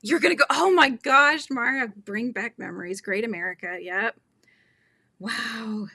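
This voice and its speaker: A woman's voice: fairly high pitch, normal speed, creaky, pushed and bright, no room sound. A middle-aged woman hosting a casual livestream chat, laughing often and reading out viewers' comments. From Northern California. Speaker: host.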